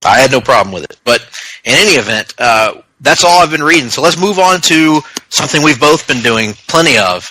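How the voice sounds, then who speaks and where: A man's voice: mid-range voice, expressive, fairly quick, pushed and bright, breathy edge, dry recording, poor audio. A man co-hosting a casual comic book podcast, rambling and joking as he riffs into silly bits. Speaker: podcast co-host.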